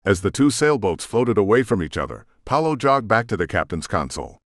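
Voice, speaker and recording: A man narrating an audiobook in an expressive storytelling manner, in a studio booth. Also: on the low side, brisk, dry recording. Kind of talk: scripted narration.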